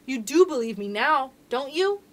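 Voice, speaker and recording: A woman voicing a sweet, eager young princess girl in a storybook reading, speaking high and breathless with excitement. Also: moderate pace, slight background noise.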